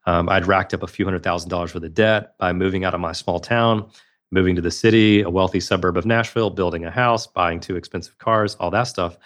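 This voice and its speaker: This man, a magician and speaker appearing as a podcast guest, tells a personal story earnestly and reflectively, often restarting his sentences. His voice is low and a bit bright, with a steady tone and a fairly quick pace.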